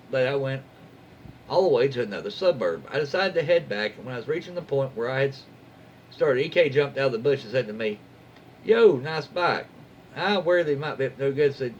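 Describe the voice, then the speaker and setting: Folksy man, lively storyteller. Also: medium pitch, muffled recording, a little hiss or hum. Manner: folksy, wry asides, self-censoring jokes. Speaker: YouTube host reading Reddit stories. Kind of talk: casual story reading with commentary.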